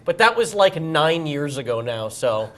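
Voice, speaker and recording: A man's voice: on the high side, big pitch swings, unhurried, a bit bright. A man who is a celebrity guest, telling a self-deprecating comic anecdote on a game show.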